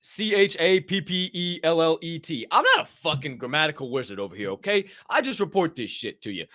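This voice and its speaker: A young American man hosting a casual crypto news show, joking and swearing, his voice jumping in bursts of excitement. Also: a little high, a little fast, no room sound, clean studio sound. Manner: animated, profane, jokey, bursts of shouting. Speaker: podcast host.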